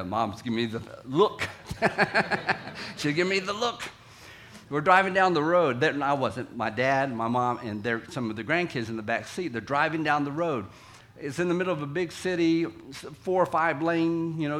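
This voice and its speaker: A man preaching a sermon to his congregation in a conversational way, dropping low and quiet, then acting out quotes loudly. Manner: conversational, acts out quotes with big swings from quiet to loud. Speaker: pastor. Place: church sanctuary.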